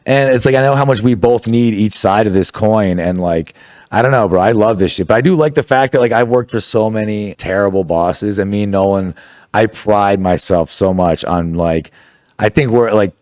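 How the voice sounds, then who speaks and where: A man's voice: on the low side, normal speed, a little mellow, dry recording, studio quality. A young man on a podcast, talking in a laid-back, rambling way, full of fillers and swearing. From United States. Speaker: guest, business owner. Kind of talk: casual podcast chat. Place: podcast studio.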